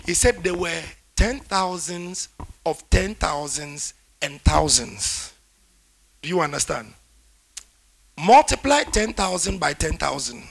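A man preaching a sermon, emphatic, with declarations that rise loud toward the end. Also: on the high side, creaky, husky.

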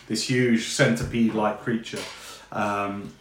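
A man's voice: fairly low pitch, normal speed. Chatty man running a tabletop game. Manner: relaxed, chatty, with frequent fillers. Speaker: game master. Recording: echoey room with faint noise.

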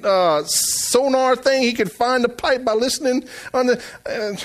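A middle-aged man preaching a sermon as pastor, swinging from hushed asides to loud, shouted calls. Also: very high voice, measured pace, few pauses.

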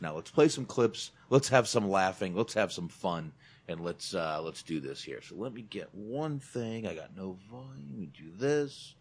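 A man hosting a podcast in casual chat, emphatic, swearing and saying "dude" a lot. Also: on the low side. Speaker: podcast host.

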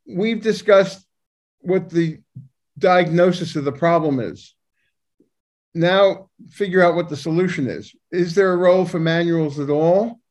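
A man's voice: on the high side, a little mellow. A man co-hosting a conversational discussion as a psychiatrist, making his points emphatically and with strong opinions. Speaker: psychiatrist and co-host.

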